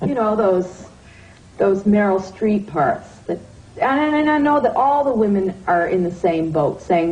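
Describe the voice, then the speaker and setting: A woman's voice: mid-range voice, expressive, unhurried, a little mellow, rough recording. A woman speaking wryly as an interview guest.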